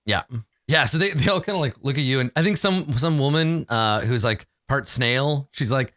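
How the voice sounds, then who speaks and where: A man's voice: medium pitch, expressive, normal speed, a bit bright, no echo, studio quality. A man narrating a tabletop game as game master, in a loose, hesitant way full of fillers.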